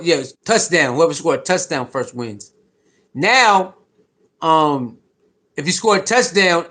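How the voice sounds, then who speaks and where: A man's voice: fairly high pitch, a bit bright. A man casually chatting on a live stream, greeting viewers by name in slangy, repetitive talk.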